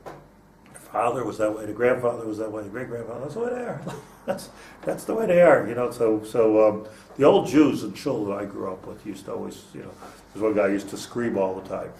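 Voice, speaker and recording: Rabbi teaching in a roomy echoey class. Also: male voice, lowish voice, fairly quick, creaky, a little mellow. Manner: conversational, digressive, anecdotal, mixes Hebrew and Yiddish terms. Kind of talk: informal Torah class. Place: classroom with small group. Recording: echoey room, distant mic, faint noise.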